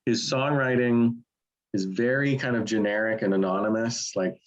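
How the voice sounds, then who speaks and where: A man's voice: on the low side, steady tone, normal speed, poor audio. A man co-hosting an album review show, talking in a rambling, casual way with lots of fillers and restarts. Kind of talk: casual opinionated music chat.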